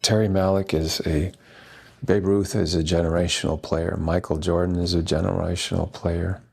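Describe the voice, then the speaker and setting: A man's voice: sits low, flat delivery, normal speed, gravelly, a little mellow, husky. A man being interviewed as a guest actor, telling earnest, rambling stories full of restarts. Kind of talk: anecdotal interview storytelling.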